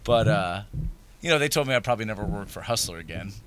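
A man telling stories as a podcast guest, animated and acting out quoted lines. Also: lowish voice, fast talker, a little hiss or hum. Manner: animated storyteller, acts out quotes. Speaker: podcast guest, adult film performer. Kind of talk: casual chat.

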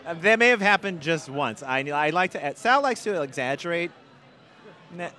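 A man's voice: on the high side, expressive, moderate pace, sharp tone. A man being interviewed as a guest, answering coyly and playfully brushing off the host's claims. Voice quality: playful, coy, downplays with dry humor. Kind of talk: casual interview chat.

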